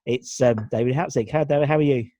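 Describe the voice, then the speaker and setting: A man's voice: medium pitch, quick pace, dark tone, no echo, lo-fi sound. A man from England, hosting a casual video interview, chatty, with frequent laughs and restarts. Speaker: podcast host.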